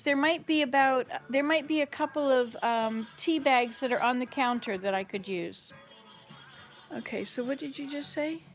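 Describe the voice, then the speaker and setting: A chatty woman with a slightly high voice hosts a casual live stream from her kitchen. She rambles from topic to topic and answers viewers' comments as they come in. Faint music plays in the background. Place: home kitchen.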